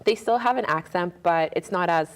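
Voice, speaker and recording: Young woman guest from Congo, lowish voice, chatty and animated. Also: fairly quick. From Democratic Republic of Congo. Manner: animated storyteller, acts out family dialogue. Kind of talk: casual interview chat.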